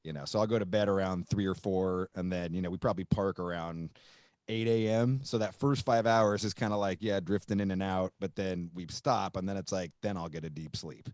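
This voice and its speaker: A man hosting a podcast, a touring musician, chatting casually with quick asides and easy swearing. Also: sits low, steady tone, a little mellow, dry recording. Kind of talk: casual chat.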